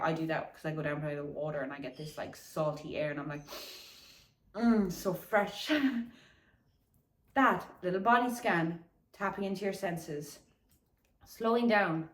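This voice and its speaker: Low-voiced woman chatting on a walk. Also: echoey room, recorded from a distance. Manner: meandering, chatty, swears casually, laughs often. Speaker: wellness vlogger. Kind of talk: casual reflective talk to camera. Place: outdoors on a morning walk.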